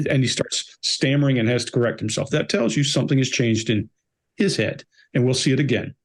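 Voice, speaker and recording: A middle-aged man talks as a regular on a body language panel. He is blunt and emphatic and drives his points home by repeating them, in a voice of ordinary pitch. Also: a little fast. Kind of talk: casual panel discussion.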